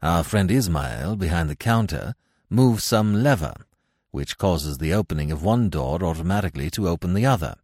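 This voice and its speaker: A man voicing a terse, commanding male investigator in a clipped, brisk way. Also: deep voice, animated, a little mellow, husky, no room sound, studio quality, full character voice. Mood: musing.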